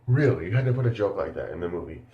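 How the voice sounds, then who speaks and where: Casual male reviewer, lowish voice, rambling and incredulous, echoey room. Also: lively intonation, racing, highs cut off. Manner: rambling, incredulous, many fillers. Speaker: film reviewer. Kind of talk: casual spoken film review.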